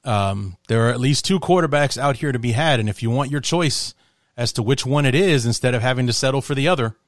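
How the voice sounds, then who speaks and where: A man's voice: mid-range voice, fairly quick, dry recording. Male host, casual sports chat, restarts often, dry close mic. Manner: rambling, with many restarts and laughs. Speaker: podcast host.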